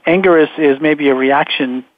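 A man's voice: a little high, steady tone, moderate pace, no room sound. Man talking over a tinny phone line. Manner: reflective, many "you know" fillers. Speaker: podcast co-host. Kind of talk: conversational chat.

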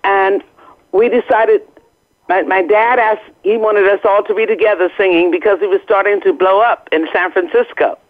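A woman's voice: medium pitch, steady tone, moderate pace. An older woman, a guest singer, chatting candidly on a phone call from outdoors and laughing often. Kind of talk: casual chat by phone. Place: outdoors, planes overhead. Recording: tinny phone line.

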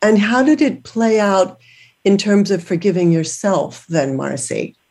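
A woman's voice: medium pitch, measured pace, a little mellow. A woman hosting an interview, asking reflective questions in a searching way, circling and repeating as she goes. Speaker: podcast host.

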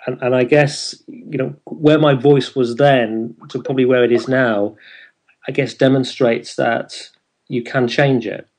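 A man from the north of England interviews a guest in a relaxed, conversational way. His voice sits at an everyday middle pitch, and he asks his questions with curious interest. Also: normal speed.

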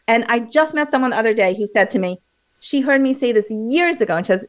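A woman guest on a radio interview, explaining memory techniques in a lively, animated way with frequent fillers and restarts. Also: on the high side, quick pace.

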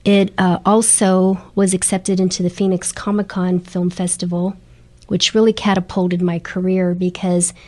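A woman's voice: fairly low pitch, level tone, normal speed, darkish tone. A middle-aged woman, a guest in an interview, telling her stories earnestly and with animation. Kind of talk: storytelling interview chat.

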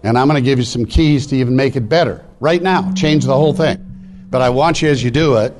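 A middle-aged man gives a motivational stage talk at a business event. His voice sits at an ordinary male pitch. He delivers it in a preachy, rapid-fire way, pushing hard to fire up the room. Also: darkish tone. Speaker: motivational speaker. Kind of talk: live stage speech. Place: event hall.

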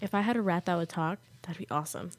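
A woman's voice: lowish voice, fast. A young woman co-hosting a kids' radio show, chatting casually and teasing. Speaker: co-host. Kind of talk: casual chat.

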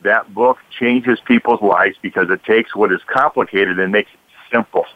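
A man's voice: lowish voice, moderate pace, no echo. A man in his sixties, a radio guest, speaking in a confident, motivational way. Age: 60s. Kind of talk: radio interview. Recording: dry phone-line sound.

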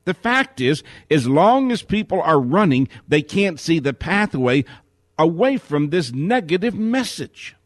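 A man's voice: fairly high pitch, very animated, unhurried, dry recording, studio quality. A man giving a motivational talk as host, with an emphatic, preacher-like delivery. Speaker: motivational speaker hosting a radio talk.

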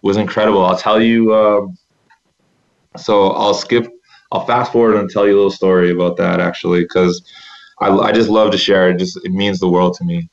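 This man speaks in a very low, gravelly voice with a flat delivery. He tells the story casually and earnestly, circling back on his words often. The recording sounds dull and muffled. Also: normal speed. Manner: earnest, rambling with many restarts. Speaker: former overseas pro basketball player. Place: seated at a table indoors.

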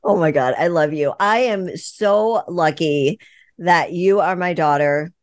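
This is a woman in her sixties with a notably low voice. She chats casually and reassuringly, laughing often. The sound is close and dry. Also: unhurried, no echo. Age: 60s. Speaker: podcast host. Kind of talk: casual chat.

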